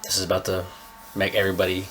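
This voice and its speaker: A man's voice: deep voice, completely flat delivery, rapid-fire, fairly bright tone, slight background noise. A young man hosting a casual anime reaction, chatting in laid-back slang with a slightly stuffy nose. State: a little stuffy-nosed. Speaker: anime reaction channel host.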